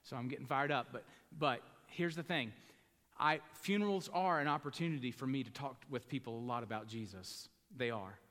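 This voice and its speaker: A man's voice: medium pitch, moderate pace. A middle-aged man with a Southern US accent preaching a fiery funeral sermon from a church pulpit. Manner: fiery, building to loud preaching peaks. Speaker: pastor. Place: church sanctuary. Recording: long hall reverb.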